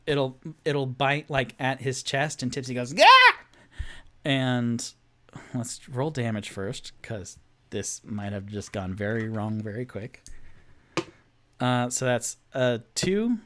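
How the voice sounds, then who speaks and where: A man running a solo tabletop game on a live stream, narrating and talking through dice rolls with excitable asides. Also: medium pitch. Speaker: game master.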